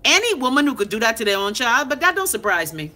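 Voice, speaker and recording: A woman in her thirties, Bahamian-accented, speaks quickly at a fairly high pitch while hosting a casual live chat. She reads viewers' comments and answers them in an unfiltered, foul-mouthed, animated rant.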